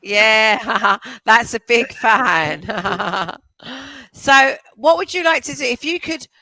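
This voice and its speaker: A woman's voice: on the high side, animated, slow, sharp tone, no echo, poor audio. A woman with a London accent chatting as an online English tutor, asking lots of questions over a video call. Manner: chatty and encouraging, asks many questions. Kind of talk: casual conversation lesson.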